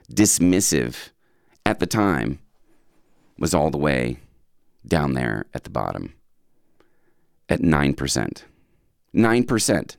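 A man with a very deep, gravelly voice hosts a radio show, and his pitch rises and falls in a lively way. He talks casually and quizzes listeners with rhetorical questions. The studio sound is close and dry. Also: no room sound. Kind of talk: casual radio talk with a quiz.

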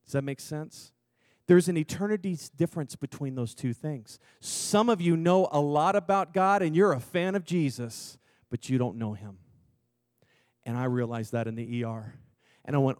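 A man preaching a testimony sermon, moving from hushed, slow moments to loud, excited storytelling. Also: on the high side, no room sound, studio quality. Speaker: pastor.

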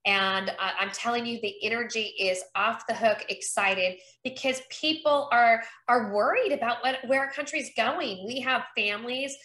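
A casual interview captures a woman running for Congress from North Carolina, her a-little-high voice pushed and bright, moving at a moderate pace with few pauses. She keeps things upbeat and chatty, acting out quoted exchanges, and the room sounds echoey.

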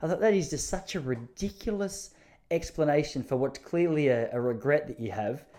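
A man's voice: fairly high pitch, normal speed, dark tone. A man with an Australian accent telling comic stories in a chatty, rambling, self-mocking way. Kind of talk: casual comic storytelling monologue.

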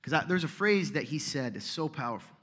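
A man preaching a sermon as pastor, telling a story with swings from loud exclamations to hushed asides. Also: a little high, sing-song, fairly quick.

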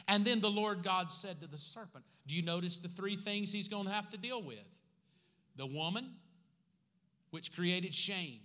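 A pastor preaches a sermon in a church sanctuary, his voice high, bright and forceful with lively intonation. Between teaching points he tosses joking asides to the congregation, and he slows down to hammer home key phrases through emphatic repetition. A long reverb from the big hall trails after his words.

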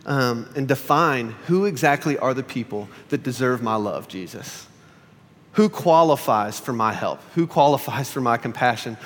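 A pastor giving a sermon in an earnest, conversational way, often repeating phrases for emphasis. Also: male voice, medium pitch, in a large hall.

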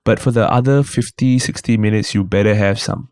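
Deep-voiced comedian, casual. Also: male voice, fairly quick, smooth, dry recording, clean studio sound. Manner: animated storyteller, swears casually. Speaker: guest host, stand-up comedian. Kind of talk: casual podcast chat.

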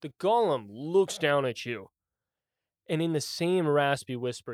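A man's voice: on the high side, lively intonation, measured pace, no room sound, studio quality. A young man narrating as game master of a tabletop game, loose and laughing with lots of fillers.

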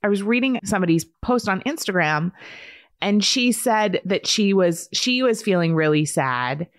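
A woman's voice: mid-range voice, animated, normal speed, no room sound, studio quality. A woman in her forties co-hosting a podcast, talking in an earnest, reflective way with many fillers. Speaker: podcast co-host. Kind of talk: casual podcast chat.

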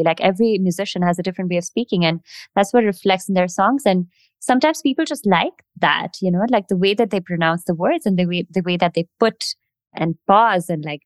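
A woman's voice: on the low side, no room sound, studio quality. A young woman from India, a singer, chatting thoughtfully and reflectively on a podcast. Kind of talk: casual chat.

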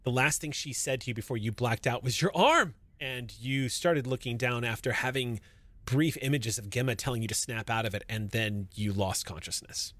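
A man narrating a tabletop sci-fi horror game as game master, explaining rules and scenes in a relaxed way with fillers and restarts. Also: medium pitch, moderate pace, no echo.

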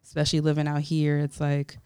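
A young photographer from Florida tells stories as a guest in a casual interview. Her voice is low, smooth, and brisk in a dry recording. She's animated, says "like" constantly, and acts out the voices of the people she quotes.

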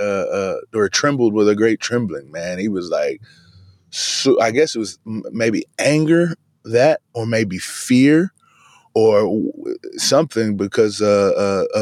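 A man hosting a casual devotional podcast from inside his van, talking in a relaxed, chatty way and often saying "man". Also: on the low side, measured pace, dry recording. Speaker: podcast host. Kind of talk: casual devotional bible talk. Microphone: video camera in a van.

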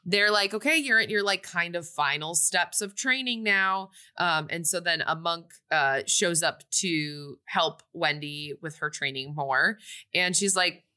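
A woman's voice: on the low side, slow pace, bright, forceful tone. A young woman on a podcast, casually retelling a movie plot in a rambling way, full of fillers. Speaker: podcast co-host. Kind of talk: casual movie recap chat.

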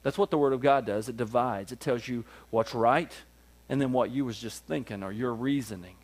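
A male pastor, preaching a sermon, swinging from loud, high peaks down to low, quiet stretches and calling for "amen" from the room. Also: moderate pace. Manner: call-and-response preaching, rises to loud peaks then drops low.

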